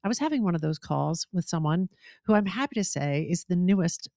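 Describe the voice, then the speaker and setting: A woman co-hosting a podcast, speaking in a slightly low voice. She talks in a reflective way, adding soft sighs of agreement. The recording is close and dry. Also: expressive, brisk, creaky, no room sound. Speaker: podcast co-host. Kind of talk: casual podcast chat.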